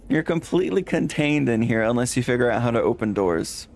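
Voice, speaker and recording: A man plays through a story game and reads its narration aloud with playful, dramatic flair. His mid-pitched voice moves in lively swings. He drops in quick asides between lines. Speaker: game streamer. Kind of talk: reading game text aloud and reacting.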